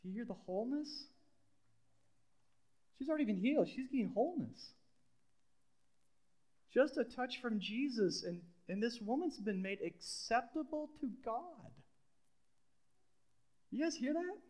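A man's voice: extremely high pitch, expressive, measured pace, pauses often, a little mellow. A middle-aged man preaching a sermon in a conversational way, repeating phrases and putting questions to the congregation. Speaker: pastor.

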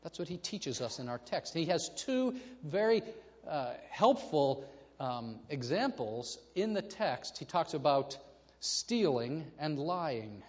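Man, pastor, sermon, lively storytelling, fairly high voice, echoey church hall. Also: measured pace. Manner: animated storytelling, acts out voices in quotes. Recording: reverberant hall, dull lo-fi sound.

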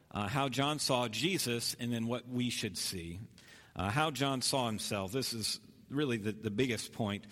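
A male pastor delivering a sermon at a middle pitch. He speaks earnestly, restarting and repeating phrases as he builds his point. His voice rings with a long reverb from a large hall. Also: a bit bright.

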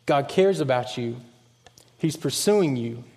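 A man preaching a sermon as pastor, earnest, sometimes dropping to a hushed voice on key points. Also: mid-range voice, expressive, slow, in a large hall.

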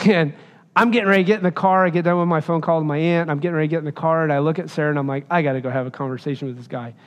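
A man's voice: fairly high pitch, steady tone, rapid-fire, long reverb tail. A man preaching a sermon, telling a personal story and driving home his points with emphasis. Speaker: pastor.

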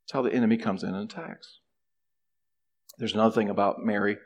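A man preaching a sermon, animated, acting out a character's complaints in a raised voice. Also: on the low side, brisk, muffled recording. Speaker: pastor.

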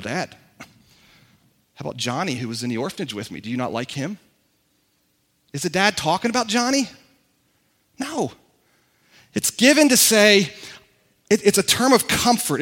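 A male pastor preaches in a lively, excitable way, his voice sitting a little high for a man. He gets worked up, races ahead and speeds through his points while talking straight to the congregation. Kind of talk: sermon.

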